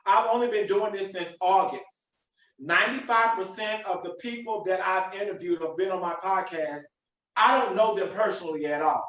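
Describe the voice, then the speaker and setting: Man, podcast host, high voice, preachy and emphatic, repeats himself, echoey distant room. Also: fairly bright tone. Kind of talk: motivational talk. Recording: echoey room, away from mic.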